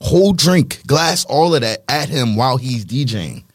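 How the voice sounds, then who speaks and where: A man from the DMV area chatting on a podcast as a guest DJ. He tells stories in an animated way, his pitch jumping up as he gets worked up. His middle-pitched voice sounds close and dry, with no room around it. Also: moderate pace, no room sound. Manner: animated storytelling, rising excitedly. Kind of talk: casual podcast chat.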